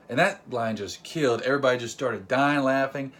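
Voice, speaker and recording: A young man telling a funny personal story to camera in a casual, animated, self-deprecating way. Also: medium pitch, a little fast, hardly any pauses. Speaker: vlogger.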